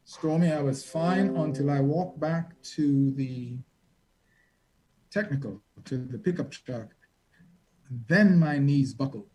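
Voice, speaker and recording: A man's voice: a little high, a little slow, dark tone, slight background noise, low-quality recording. A man, a reporter and guest, telling vivid stories from his travels in a dramatic, conversational way. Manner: vivid, dramatic storyteller acting out quotes. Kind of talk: storytelling in a conversation.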